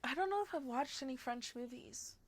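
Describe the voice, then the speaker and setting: A woman's voice: high voice, lively intonation, fairly quick, a little hiss or hum. A young woman livestreamer chatting casually with her viewers, bubbly and giggly, often gasping and restarting her sentences.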